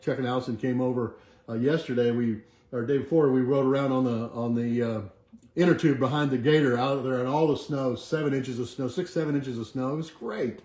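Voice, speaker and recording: Older man chanting calm affirmations. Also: medium pitch, roomy sound. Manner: repeats affirmations slowly and softly, trailing off quieter. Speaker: chiropractor leading a weekly motivational march. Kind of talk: motivational self-help talk with affirmations. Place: home kitchen with a bay window.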